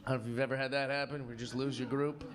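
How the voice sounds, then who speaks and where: A man's voice: medium pitch, flat delivery, very fast. A male stand-up comedian telling a loose story on stage and acting out the quotes. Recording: live stage with crowd laughter.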